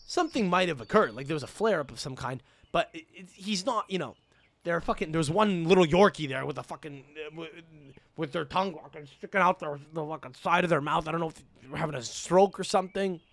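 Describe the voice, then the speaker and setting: Man, young adult, podcast host, excitable profane rant, fairly high pitch. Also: quick pace. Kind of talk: casual rant.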